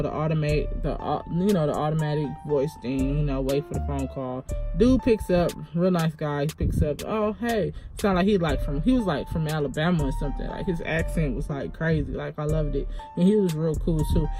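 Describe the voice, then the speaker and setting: A woman vlogger retelling a personal story in a casual, rambling way, full of "like" and "you know.". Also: deep voice.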